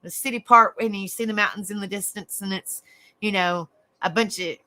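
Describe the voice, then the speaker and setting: A woman's voice: medium pitch, fairly even intonation, moderate pace, pushed and bright. A young woman with a Southern US accent, from South Carolina and raised in Tennessee, chatting with livestream viewers and calling them honey and darling. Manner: chatty, endearing terms like honey and darling, frequent restarts. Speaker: livestream host. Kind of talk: casual live chat with viewers.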